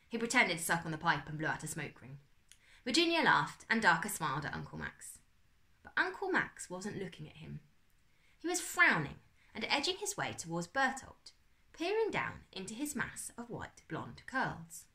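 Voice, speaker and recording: A woman teacher, reading a class story aloud with expressive storytelling. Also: fairly low pitch, moderate pace.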